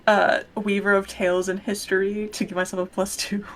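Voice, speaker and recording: A woman's voice: medium pitch, flat delivery, brisk. A woman playing a tabletop role-playing game, chatting casually and laughing easily. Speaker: player.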